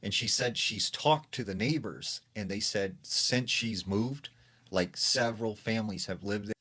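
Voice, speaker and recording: A man's voice: on the low side, a little slow, pushed and bright, breathy edge. A man narrating a true spooky story in a casual, conversational storytime way, leaning on "like" and acting out what people said. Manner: conversational, heavy use of "like", acts out quoted lines.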